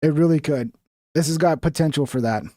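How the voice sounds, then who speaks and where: Male streamer, higher voice, dry close sound, blunt swearing commentary, casual. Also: a little fast, dark tone, no room sound. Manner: blunt, profane, trailing off with bro and dude. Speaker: streamer reacting to clips.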